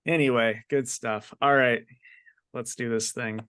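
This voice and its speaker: A man's voice: medium pitch, fairly even intonation, unhurried, fairly bright tone, clear, resonant tone, no room sound, clean studio sound. A man co-hosting a podcast, chatting casually in an easygoing, rambling way and laughing often. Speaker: podcast co-host and game master. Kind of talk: casual chat.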